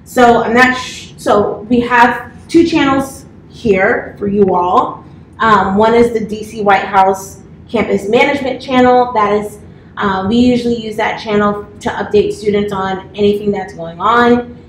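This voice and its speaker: A woman's voice: mid-range voice, a little slow. A woman in her thirties talks a new class through an orientation, her delivery loose and chatty with plenty of filler words. The sound is roomy and echoey, picked up by a mic some distance away, with a faint hiss underneath. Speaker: campus manager. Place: office classroom.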